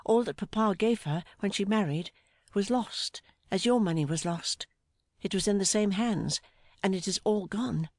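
Little Dorrit, a woman voicing a timid gentle girl. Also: medium pitch, normal speed, no echo, studio quality, close to an everyday voice. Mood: tender. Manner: soft, hesitant and affectionate. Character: gentle, timid young woman, tender and devoted. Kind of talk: audiobook dialogue reading.

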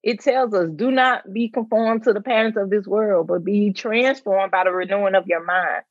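A woman's voice: medium pitch, moderate pace, no room sound, dull audio. A woman, a teacher and mother, talking earnestly and reflectively about faith and rest in a casual conversation. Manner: earnest, reflective, quotes others in lively voices. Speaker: mother of twins. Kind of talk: faith conversation, personal sharing.

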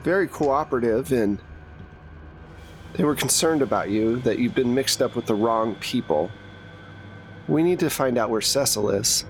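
A man's voice: medium pitch, moderate pace, pauses often, slight background noise, close to an everyday voice. A man doing a smug government interrogator. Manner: calm, smug, condescending threats. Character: cold male government interrogator, menacing.

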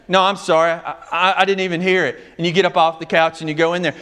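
A male pastor preaching a sermon, swinging between loud, raised passages and hushed, low ones.

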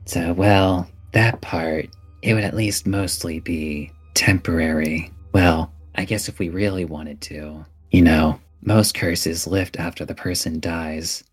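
A man with a very deep, husky voice plays a tabletop game. He lays out plans slowly and thoughtfully. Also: steady tone, faint music behind. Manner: slow, plotting, thoughtful. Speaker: tabletop player.

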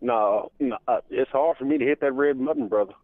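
A man's voice: medium pitch, brisk, dry recording. A man calling in to a sports show, telling a rambling story and cussing freely. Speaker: caller. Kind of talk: casual phone call-in chat. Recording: dry tinny phone line.

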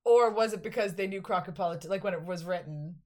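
A woman's voice: fairly low pitch, brisk, a little mellow. A woman co-hosting a podcast, chatting casually about a movie in a rambling way with many restarts. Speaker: podcast co-host. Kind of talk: casual chat recapping a movie.

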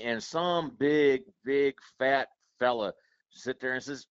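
A man's voice: medium pitch, slow, clean tone. A man co-hosting a podcast, chatty and telling anecdotes while acting out other people's lines. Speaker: podcast co-host. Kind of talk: casual comedic storytelling. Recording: dry, dull lo-fi podcast audio.

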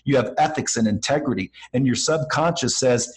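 The audio is poor, but the man's mid-range voice comes through expressive and at a normal pace. A guest on a podcast, he dishes out blunt, slangy motivational advice in relaxed conversation and dramatizes bits of dialogue as he speaks.

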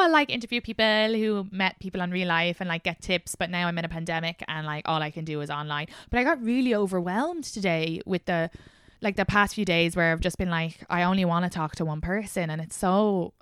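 A young woman with an Irish accent, hosting a podcast in a casual chat. Her voice is smooth and clear, and it is recorded close and dry. She tells lively stories, laughs easily and swears without a second thought. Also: fairly low pitch, fairly quick, dry recording. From Ireland. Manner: lively storyteller, laughs often, swears freely. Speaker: podcast host.

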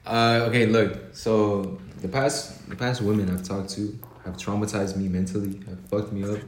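Teen male, low voice, self-deprecating slang; echoey, slightly noisy. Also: level tone, normal speed. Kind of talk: casual chat among friends. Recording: echoey room with faint noise.

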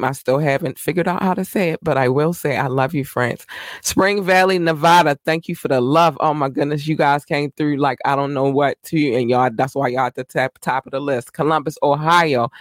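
A man with a Baltimore accent hosting his own podcast in casual, rambling chat, giving effusive shout-outs to his listeners. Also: on the high side, no echo, clean studio sound. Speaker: podcast host.

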